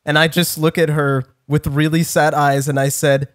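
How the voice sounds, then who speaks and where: A man's voice: a little high, level tone, moderate pace, fairly bright tone, no echo, studio quality. Rambling young man telling a story. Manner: rambling, restarts, swears, laughs a lot. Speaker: podcast co-host. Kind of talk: casual comedy podcast storytelling.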